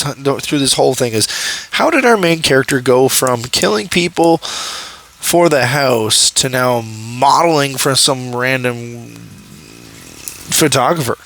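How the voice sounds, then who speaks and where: A man's voice: mid-range voice, a bit bright, rough recording. A young man casually reviewing a show, rambling with many fillers and restarts and laughing often. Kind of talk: casual commentary.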